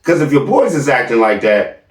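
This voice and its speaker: A man's voice: medium pitch, sing-song, moderate pace, echoey room, recorded from a distance. A man giving sarcastic reaction commentary on video clips, questioning his viewers.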